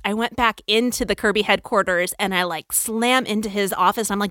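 A woman telling a personal story in a casual, animated way, acting out the dialogue and swearing freely. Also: medium pitch, a little fast, few pauses, no room sound, studio quality.

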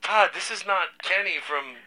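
A man's voice: high voice, normal speed, pushed and bright, voice pushed up, exaggerated voice, low-quality recording. A man voicing an eager, awkward middle-aged caller reaching an old friend, in an improvised comedy bit.

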